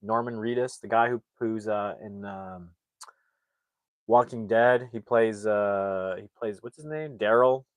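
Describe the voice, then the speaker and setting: A man's voice: on the low side, unhurried, no room sound. Man rambling through a movie recap. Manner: rambling, animated retelling with acted-out quotes. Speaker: movie reviewer. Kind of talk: casual plot recap.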